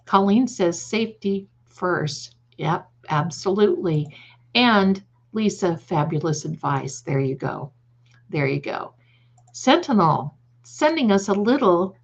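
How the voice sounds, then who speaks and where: Chatty woman psychic hosting a live stream. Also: medium pitch. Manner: affectionate, calls viewers "my darling"; chatty, repeats words and restarts. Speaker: psychic livestream host. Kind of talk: live-stream chat reading comments. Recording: slightly dull lo-fi stream audio.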